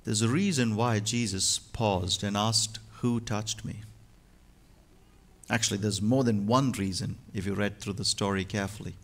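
A male pastor preaching a sermon, moving from hushed, slow lines to loud, emphatic ones. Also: fairly low pitch.

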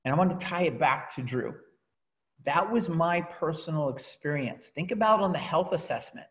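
A man giving a motivational talk to a coaching team, telling his story in an animated way and often restarting his sentences. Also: fairly high pitch, moderate pace, low-quality recording. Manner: animated storytelling, repeats words and restarts, laughs at himself.

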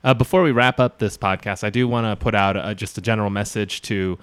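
An earnest man co-hosts a casual podcast and thanks the viewers. His voice is low, smooth and resonant. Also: fairly even intonation, a little fast. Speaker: podcast co-host. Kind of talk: casual group chat.

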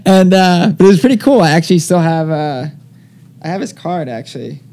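A young man tells his story in a loose, rambling way, filling every pause with "like" and "um." His voice sits a little high for a man. The tone is soft and mellow. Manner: rambling, heavy use of "like" fillers. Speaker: guest. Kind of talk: casual storytelling interview.

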